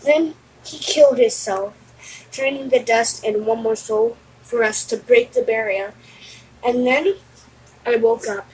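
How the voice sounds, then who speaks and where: A woman casually retelling a dream, slow and halting, with restarts. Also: a little high, darkish tone, a little hiss or hum, rough recording. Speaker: storyteller.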